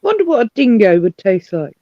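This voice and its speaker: A very high, lively male voice comes through dull, lo-fi call audio. He makes teasing, skeptical remarks in a dry, close sound. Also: brisk, no echo. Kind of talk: casual chat on a video call. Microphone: video call.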